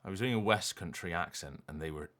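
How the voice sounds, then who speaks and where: A man streaming a game and chatting casually, thinking aloud in an animated, rambling way. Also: deep voice, fast talker. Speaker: streamer and voice actor. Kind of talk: casual gaming stream chat.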